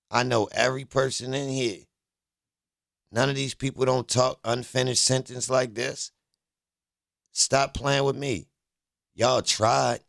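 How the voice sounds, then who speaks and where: A man's voice: mid-range voice, gravelly, a bit bright, no room sound, studio quality. A man hosting a livestream, talking bluntly and profanely as he rants at his chat. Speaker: livestream host. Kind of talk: heated livestream commentary.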